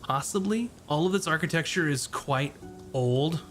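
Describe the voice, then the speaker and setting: A man's voice: a little high, normal speed, a bit bright, soft background music. A man running a tabletop game as game master, describing scenes with frequent ums and uhs.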